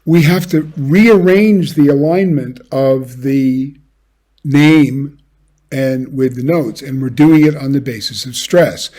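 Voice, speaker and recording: A man giving a measured academic lecture, now and then singing short examples. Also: mid-range voice, dark tone. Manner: measured, with brief sung examples. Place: home office, recorded for an online lecture.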